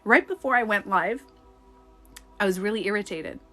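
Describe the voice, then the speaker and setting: A woman life coach talking casually into her phone on a live stream at home, animated and swearing freely as she acts out her own outbursts. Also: mid-range voice, normal speed, soft background music. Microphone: phone on a ring light.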